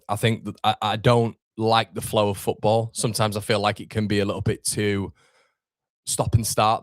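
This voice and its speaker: A man's voice: fairly low pitch, no echo, studio quality. A young man hosting a live football watchalong, chatting casually with viewers and calling them mate. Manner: chatty, calls viewers mate, reads out chat.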